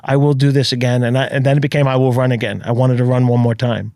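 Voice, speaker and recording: A man's voice: mid-range voice, flat delivery, fast talker, darkish tone, no room sound, studio quality. Earnest New York man telling his story. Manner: earnest, emphatic with blunt swearing. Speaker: podcast guest. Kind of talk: casual storytelling.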